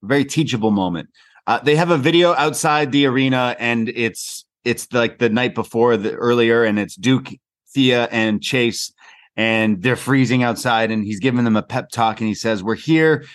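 A man's voice: mid-range voice, moderate pace. A Canadian man co-hosting a podcast, recapping a wrestling show in rambling casual chat with lots of fillers and the odd swear. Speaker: podcast co-host.

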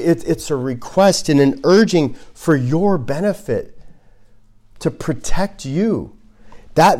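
Male pastor, conversational preaching, animated, acts out examples. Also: mid-range voice. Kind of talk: sermon.

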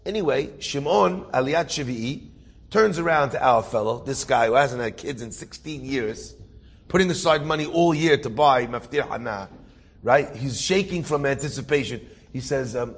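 Gravelly, husky male storyteller. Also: mid-range voice, normal speed. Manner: animated storytelling, voices characters, rising to emphatic preaching. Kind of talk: inspirational story sermon.

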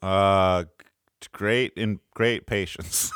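A man co-hosting a comedy podcast, joking crudely in quick, casual banter. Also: low voice, steady tone, a bit bright, smooth, dry recording, studio quality. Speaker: podcast co-host.

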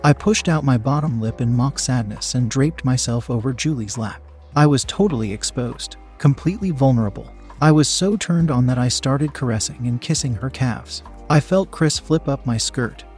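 A man's voice: medium pitch, moderate pace, a little mellow, faint music behind. Man reading a first-person erotic story. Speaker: narrator.

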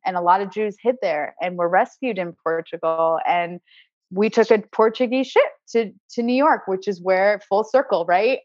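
A woman's voice: mid-range voice, dry recording. Earnest woman telling a personal story. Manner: earnest and spiritual, repeats words as she searches. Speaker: podcast guest, acupuncturist. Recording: dry, slightly dull recording.

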